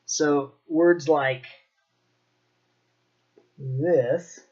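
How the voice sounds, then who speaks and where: A man teaching Mandarin pronunciation in a slow, demonstrative way, repeating each sound. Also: fairly high pitch, fairly even intonation, a little mellow, muffled recording. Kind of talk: pronunciation lesson.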